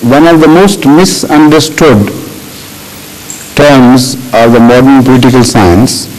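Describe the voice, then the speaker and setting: A man speaking as a religious leader in a question and answer session, deliberate and measured, pausing and coughing often. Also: medium pitch, a little mellow, poor audio. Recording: faint tape hiss.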